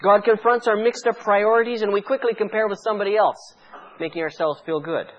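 A pastor preaching a sermon with fervent, pleading intensity, firing off rhetorical questions at the congregation. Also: male voice, high-pitched, steady tone, quick pace, lo-fi sound.

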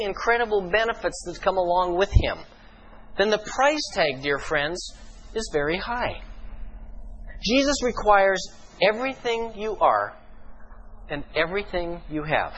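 A man's voice: high-pitched, fairly bright tone, breathy edge, rough recording. Emphatic male pastor preaching. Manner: emphatic, rhetorical questions, dramatic pauses. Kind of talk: sermon.

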